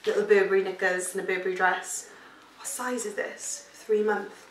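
A pregnant woman vlogging from home in a casual, gushing, excitable chat full of fillers. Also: medium pitch, moderate pace, slight background noise. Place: at home, indoors. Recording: echoey room, mic at a distance.

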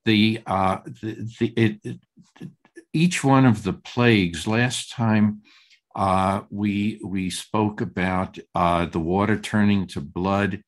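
An older man leading a group text study, talking haltingly with many fillers and restarts. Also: lowish voice, fairly even intonation.

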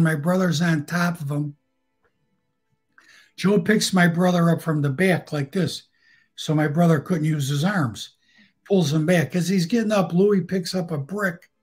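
A man's voice: a little high, darkish tone, breathy edge. An older man tells a story bluntly and profanely, acting out the lines of the people in it. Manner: blunt, profane, acts out quoted dialogue. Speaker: guest storyteller. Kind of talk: casual storytelling on a live stream.

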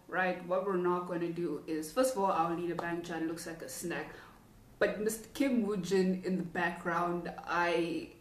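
A young woman hosting a reaction video, chatting casually in an excitable, rambling way as a fan. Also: lowish voice. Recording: roomy echo, distant from the mic. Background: music video playing.

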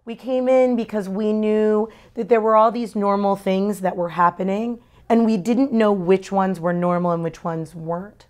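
A woman, a mother, answering interview questions candidly about parenting, talking fast and earnestly with expressive shifts in tone. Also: mid-range voice. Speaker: parent giving a testimonial.

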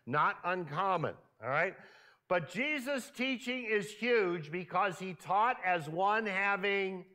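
A man's voice: high voice, pushed and bright. A male pastor preaching a sermon in church, talking conversationally and peppering the congregation with questions. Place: church sanctuary.

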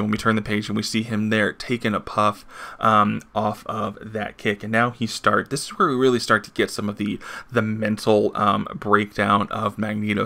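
A man's voice: fairly low pitch, creaky, pushed and bright. A man hosting a casual comic book review, chatting and reading dialogue aloud from the panels. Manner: chatty, reads comic dialogue aloud between his own remarks.

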